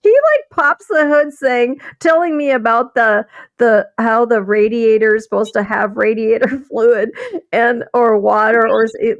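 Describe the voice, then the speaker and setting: Co-hosting a casual stream, this middle-aged Wisconsin woman has a high-pitched voice with lively intonation and speaks at a measured pace, with no echo. Her storytelling chat rambles along with laughter and restarts.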